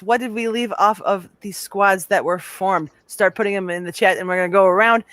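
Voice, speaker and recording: A man's voice: sits high, fairly even intonation, fairly quick, few pauses, fairly bright tone, no echo. A man hosting a casual podcast draft show, upbeat and moderating the round. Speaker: podcast host. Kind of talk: casual chat.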